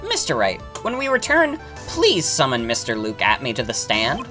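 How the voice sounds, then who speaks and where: A woman's voice: a bass voice, huge pitch swings, normal speed, music in the background, heavily acted. A woman voicing a stern elderly male judge in a video game, pronouncing rulings formally.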